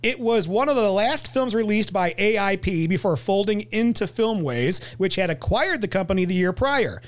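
A man's voice: high voice, animated, normal speed. An American man co-hosting a casual movie podcast, reading film trivia aloud with frequent laughs. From United States. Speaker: podcast co-host.

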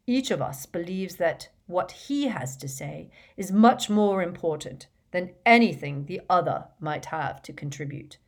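A woman reading as an old, wise male headmaster, measured and gently stern. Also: fairly low pitch, lively intonation. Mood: gently firm. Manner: measured, sharp when pressed.

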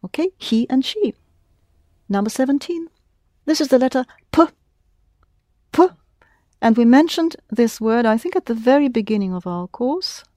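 A woman's voice: a little high, lively intonation, moderate pace, pauses often, dark tone, dry recording, clean studio sound. A woman teaching a language class, patiently prompting her students with questions. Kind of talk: classroom lesson.

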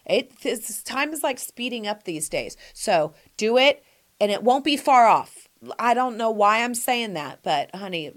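A woman's voice: a little high, very animated, unhurried. A woman in her forties hosting a podcast, giving sassy, emphatic advice straight to her listeners in casual chat. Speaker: podcast host answering listener questions.

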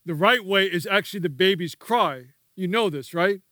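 A man's voice: high voice, normal speed, bright, forceful tone, no room sound, clean studio sound. A man preaching a sermon as pastor, emphatic and repetitive, prompting the congregation to repeat key words.

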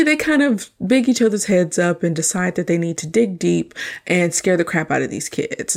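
A young woman talks through a sitcom episode in a loose, chatty way, dropping slang and laughing at her own asides. Her voice sits a little low. She sounds like a podcast host recapping for friends. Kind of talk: casual solo review recap.

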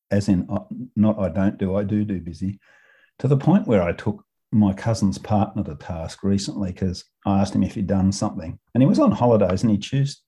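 Australian male podcast co-host, mellow low voice, a bit husky, a chatty storyteller who swears freely. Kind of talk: casual chat.

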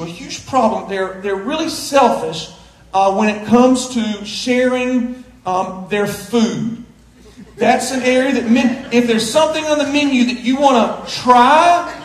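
A middle-aged male pastor, with a very high-pitched voice, preaches a sermon built around a humorous story. He chuckles through it, moving from hushed asides to shouted punchlines, with the roomy echo of a big hall.

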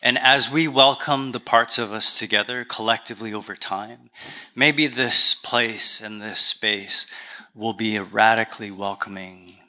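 A man, a pastor with a Canadian accent, preaching a sermon in a relaxed, conversational storytelling way with touches of humor. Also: lowish voice, unhurried.

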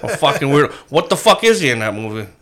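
A man's voice: on the high side, very animated, fast, a bit bright. A man co-hosting a comedy podcast, joking and swearing casually. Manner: profane, joking, laid-back. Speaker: podcast co-host.

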